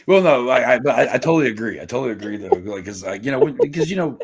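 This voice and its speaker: A man's voice: mid-range voice, very animated, fast, vocal fry, noisy background. A man, chatting on a podcast in a rambling, profane and self-mocking way. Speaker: podcast guest, musician. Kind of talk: casual podcast chat.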